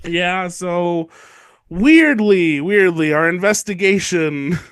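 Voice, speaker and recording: Man with a fairly high voice for a casual podcast recap, snarky and profane, tossing off quick character impressions. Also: lively intonation, a bit bright, clean tone, no echo, clean studio sound. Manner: irreverent, swears, mocks characters in quick impressions. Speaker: podcast co-host. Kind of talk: casual comedic book recap.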